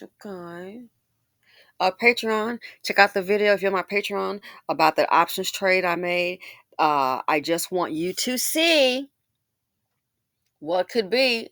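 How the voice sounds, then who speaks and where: A woman's voice: on the low side, no room sound. Impassioned woman commentator, dry sound. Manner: impassioned, swings between loud emphasis and hushed asides. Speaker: commentary channel host. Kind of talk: emphatic social commentary.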